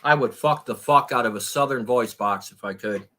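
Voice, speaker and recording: A man's voice: mid-range voice, normal speed, sharp tone. A man live streaming and chatting casually with his viewers, rambling in a crude and profane way.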